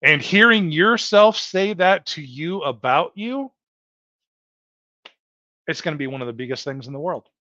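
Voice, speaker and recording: Earnest man, slightly high voice. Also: animated, a little slow, pauses often, bright, forceful tone, dry recording. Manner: earnest, repetitive, addresses viewers as folks. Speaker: livestream host. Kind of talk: heartfelt motivational livestream talk. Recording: dull lo-fi dry sound.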